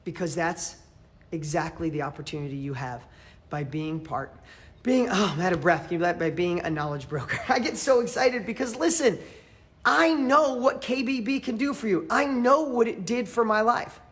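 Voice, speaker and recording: A man coaching a live audience in a motivational training, emphatic and fervent, repeating phrases for emphasis and swinging between loud and quiet. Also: very high voice, fairly quick, slight background noise. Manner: fervent, emphatic, pep-talk delivery.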